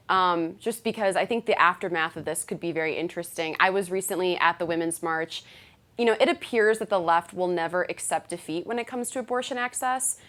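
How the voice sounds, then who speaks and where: A woman's voice: on the low side, fairly bright tone. A woman hosting an interview, reading prepared questions in a conversational way. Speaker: interviewer host.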